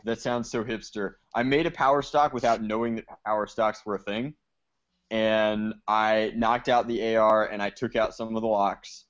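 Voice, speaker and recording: A man on a podcast, telling his own story in a relaxed, casual way. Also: on the low side, normal speed. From Georgia, US South. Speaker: podcast co-host. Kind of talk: casual chat. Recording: muffled lo-fi sound.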